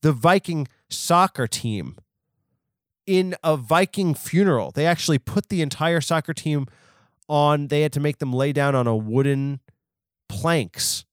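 A young man hosting a podcast, riffing on news in a rambling, profane way and swinging into loud mock outrage. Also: fairly high pitch, animated, unhurried, dry recording, studio quality. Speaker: podcast host. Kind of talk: casual comedic news riff.

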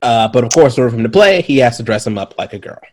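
A man's voice: mid-range voice, lively intonation, racing, darkish tone. A man co-hosting a casual movie podcast, laughing often and trading sarcastic jokes. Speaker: podcast co-host. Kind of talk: casual chat reviewing a movie.

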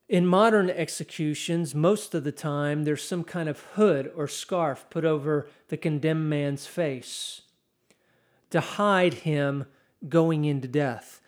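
Slow, dramatic male preacher. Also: a little high, darkish tone. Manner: slow, dramatic reading of scripture with rising intensity. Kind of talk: sermon.

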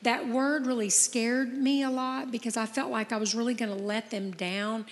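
A woman's voice: fairly high pitch, steady tone, moderate pace, big-room sound. A woman in her fifties, hosting a podcast, talking in an earnest, encouraging way and telling personal stories. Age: 50s. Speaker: podcast host. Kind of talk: casual heartfelt chat.

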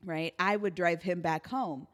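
She co-hosts a podcast with a lowish voice and a measured pace, animatedly telling stories in casual chat. Laughter comes often.

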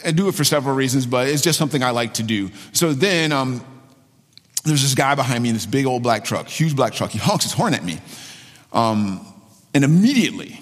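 A pastor in his forties giving a conversational sermon, telling a personal story candidly and repeating phrases for emphasis. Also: mid-range voice. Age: 40s. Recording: long reverb of a large hall.

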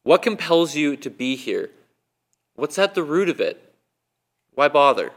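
A man's voice: on the high side, sing-song, measured pace. A man preaching a sermon in a conversational way, asking his listeners a string of questions. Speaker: guest preacher. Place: church, recorded for online viewing.

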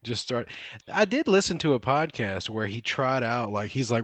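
A man's voice: mid-range voice, big pitch swings, fairly bright tone, no room sound. A man co-hosting a casual podcast, chatting and joking with friends. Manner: laughing, jokey, does quick impressions. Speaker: podcast co-host.

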